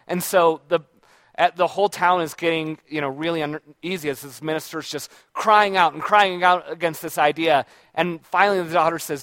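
This book reviewer's voice is a little high, steady and fairly bright, moving at normal speed in a dry recording. He talks casually and thoughtfully about books he's read, wandering along and frequently restarting or correcting himself.

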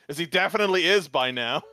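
A man co-hosting a casual chat, excited and laughing as he jumps in with quick remarks. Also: a little high, dry recording. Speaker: podcast co-host reacting to an anime episode.

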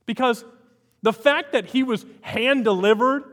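A man's voice: very high-pitched, measured pace, a bit bright, big-room sound. A man preaching a sermon as pastor, emphatic, repeating phrases for emphasis.

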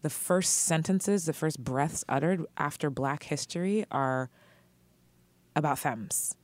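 Low-voiced woman podcaster, heated. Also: slow, dry recording. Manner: heated, swears freely, laughs often. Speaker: podcast co-host. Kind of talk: casual podcast chat.

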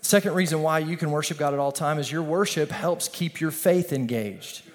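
A man pastor preaching an energetic, conversational sermon with call-and-response. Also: fairly high pitch, moderate pace.

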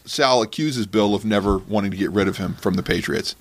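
A man's voice: lowish voice, fairly quick. A man hosting a comedic podcast, talking in a sarcastic, mocking way. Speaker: podcast host.

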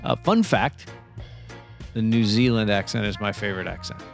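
A man co-hosting a podcast in casual comedic chat, playful, often jumping into high silly exclamations. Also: normal speed, gravelly, soft background music. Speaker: podcast co-host.

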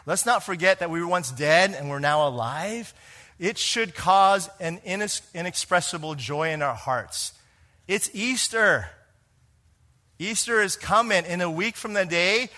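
A man, a pastor, preaching a sermon, moving between hushed lines and emphatic ones and asking the congregation questions. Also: sits high.

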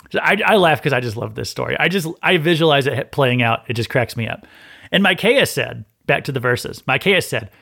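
A man hosting a Bible teaching podcast, reading passages and retelling the stories in a lively, conversational way, often restarting his words. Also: on the high side, brisk, gravelly. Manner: animated storytelling, acts out scenes, repeats words when he starts a phrase.

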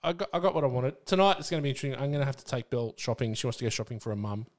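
A man's voice: mid-range voice, racing. A man co-hosting a podcast, telling a story in casual chat, and acting out the other people's voices as he goes. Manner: animated storyteller, acts out quoted voices. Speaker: podcast co-host.

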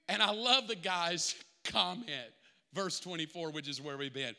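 A male pastor preaching an animated sermon, acting out Bible characters in a church sanctuary. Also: high-pitched, a little slow, clean tone. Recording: reverberant church hall.

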